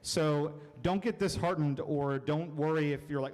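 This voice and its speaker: A man's voice: fairly high pitch, steady tone, moderate pace, a little mellow. Rambling optimistic man on a panel. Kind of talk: panel discussion. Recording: long hall reverb.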